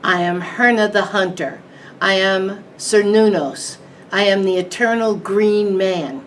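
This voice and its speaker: A woman voicing a towering ancient tree monster, booming, declaiming, storybook reading, slow, distant mic, faint hiss. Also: lively intonation.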